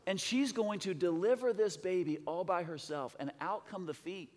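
A man preaching a sermon, telling a story in an excitable, rambling way with many restarts. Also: sits high, moderate pace, few pauses. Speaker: pastor. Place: church sanctuary. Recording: long church hall reverb.

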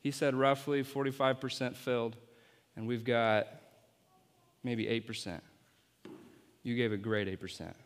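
A man's voice: mid-range voice, steady tone, measured pace, smooth. Playful man preaching in a reverberant hall. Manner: playful, coaching volunteers on stage. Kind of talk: object-lesson sermon with volunteers.

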